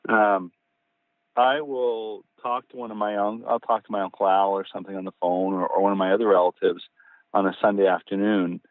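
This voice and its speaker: A man from Ontario, a guest author, telling anecdotes in an animated way and acting out the dialogue. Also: lowish voice, fairly quick, no echo. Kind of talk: casual conversational storytelling. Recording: tinny phone line, dry.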